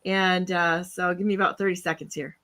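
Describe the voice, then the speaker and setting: A woman's voice: lowish voice, steady tone, a little fast, sharp tone. A woman hosting a casual online talk show, chatty, with many fillers and restarts. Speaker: show host.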